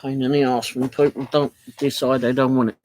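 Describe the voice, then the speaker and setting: A man's voice: medium pitch, little pitch movement, fairly quick, darkish tone, a little hiss or hum, rough recording. A man, chatting casually and rambling on a home livestream, reading out viewer comments. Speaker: livestream host. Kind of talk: casual live chat. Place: home office.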